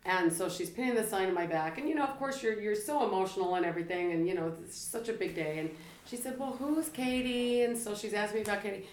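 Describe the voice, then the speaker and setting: A woman chatting casually as a co-host, talkative and quick to laugh. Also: medium pitch. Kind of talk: casual chat. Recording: echoey room with faint ambience.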